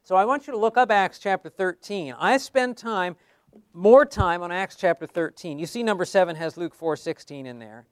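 A man's voice: high voice, lively intonation, moderate pace, clear, resonant tone, dry recording, clean studio sound. A man teaching a class on how to give Bible studies, in a conversational way that keeps asking the class questions.

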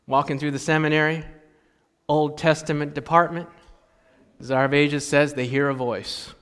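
A man's voice: a little high, steady tone, normal speed, fairly bright tone, clear, resonant tone, in a large hall. A man preaching a sermon as a pastor, telling a story with animation and acting out the voices of frustrated parents.

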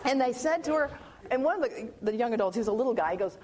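A woman with a high voice tells a personal testimony. She tells it with animation, acts out the voices of the people in the story, and often stops and restarts her sentences. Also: quick pace, slight background noise. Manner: animated storytelling with acted-out quotes and frequent restarts. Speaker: churchgoer sharing a personal testimony.

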